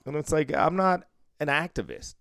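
A man's voice: a little high, normal speed, vocal fry, no room sound, clean studio sound. A man in his thirties telling a work story from his job as a casino supervisor in casual chat, swearing freely and acting out the people he quotes. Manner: profane, animated, acts out quotes.

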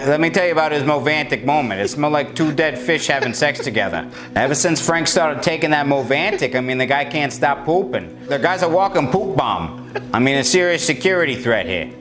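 A man playing a mocking male construction worker in a parody ad, crude and loud with a heavy Boston accent. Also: on the high side, expressive, brisk, over music, natural voice. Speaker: parody comedian.

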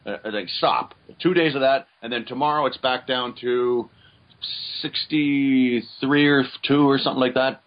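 A man being interviewed as a guest over a remote call, chatting in a rambling, halting way with many restarts. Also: medium pitch, steady tone, dull audio. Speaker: guest voice actor. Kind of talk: casual interview chat.

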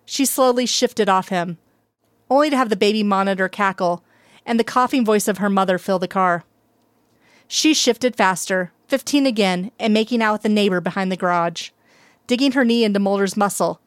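A woman reading a story aloud as narrator, steady and unhurried. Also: mid-range voice, dry recording, studio quality. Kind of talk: reading fan fiction aloud.

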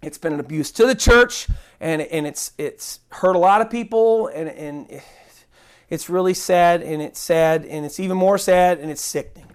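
A woman's voice: on the low side, normal speed, smooth. A woman giving an earnest online Bible teaching, indignant and emphatic, repeating words for stress.

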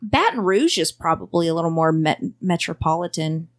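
A woman's voice: lowish voice, lively intonation, moderate pace. A woman with a Southern American accent chatting casually on a podcast, rambling and laughing often. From Southern United States. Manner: giggly, rambling. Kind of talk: casual chat.

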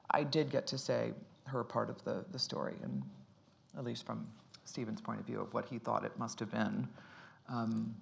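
A woman's voice: extremely low pitch, creaky. A middle-aged actress talking casually in an interview, rambling and restarting her sentences, often laughing.

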